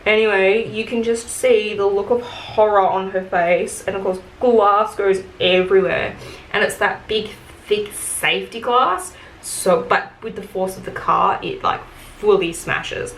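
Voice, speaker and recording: A woman's voice: medium pitch, steady tone, a little slow. A woman telling a casual story about her retail job while doing her makeup, chatty, with lots of fillers. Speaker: beauty vlogger. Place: room at home, doing makeup. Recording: echoey room, faint background hiss.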